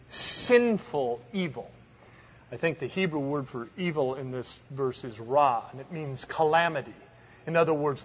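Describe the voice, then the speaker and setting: A man's voice: on the high side, breathy edge. A man teaching a Bible study, reading scripture aloud with dramatic emphasis and explaining it in a conversational way. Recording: dull lo-fi recording.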